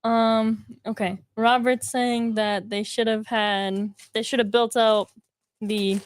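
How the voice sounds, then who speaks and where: A woman co-hosting a live wrestling watch party stream, chatting casually and laughing often between quick asides. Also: a little high, level tone, no room sound. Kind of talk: casual live reaction chat.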